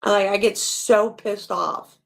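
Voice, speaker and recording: A woman's voice: medium pitch, fairly even intonation, unhurried, creaky. A woman hosting her channel in a casual, ranting chat, indignant and blunt, swearing freely. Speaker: channel host.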